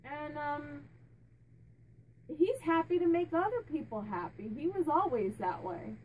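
A woman's voice: high voice, lively intonation, measured pace, a little mellow, far from the mic, a little hiss or hum, low-quality recording. A woman speaking as a medium, chatting casually and relaying what a spirit tells her, with many restarts and fillers. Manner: laughs and jokes with the spirit. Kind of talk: casual channeling talk to camera.

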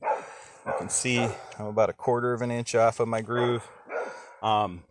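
In a recording with heavy background noise, a man speaks at a measured pace in a mid-range voice that barely shifts in pitch. He's a homesteader showing off sawmilling at a log pile outdoors, explaining it casually, how-to style, while thinking aloud with frequent fillers.

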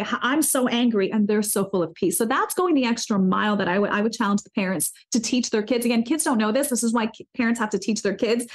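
A woman speaking with a fairly high voice as an interview guest. She preaches with earnest conviction and often stumbles and restarts her sentences. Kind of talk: casual interview talk about faith.

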